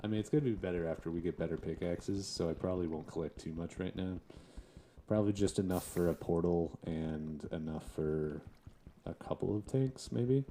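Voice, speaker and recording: A young man with a low, deep voice talks through his gameplay in a relaxed, rambling way. His tone is dark and mellow, and he often chuckles as he chats to the mobs. A faint hiss sits under the recording. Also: normal speed. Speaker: gaming streamer. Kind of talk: casual Let's Play commentary.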